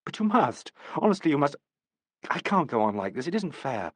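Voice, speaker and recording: Earnest young actress-dresser, apologetic, read by a man, lively delivery, dry close sound. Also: a little high, moderate pace, dry recording. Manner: pleading, apologetic.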